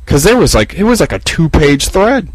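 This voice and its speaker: A man's voice: on the high side, very animated, normal speed, dry recording, rough recording. A man hosting a solo podcast, rambling and swearing through a casual rant full of fillers and restarts. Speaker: podcast host. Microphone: podcast microphone.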